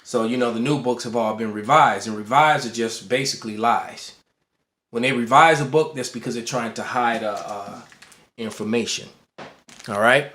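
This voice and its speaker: A man gives a casual teaching to the camera at a middle pitch, restarting his words often and stopping to say "all right". The room gives his voice a clear echo. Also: steady tone, fairly bright tone. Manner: halting, restarts words, frequent "all right" check-ins. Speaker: bible teacher. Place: indoor room. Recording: roomy echo.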